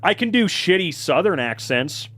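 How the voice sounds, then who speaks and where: Animated American man chatting on stream. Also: sits high, moderate pace, no room sound. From United States. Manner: animated, swears casually, reads chat aloud. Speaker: streamer and hobby voice actor. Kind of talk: casual live-stream chat answering viewers.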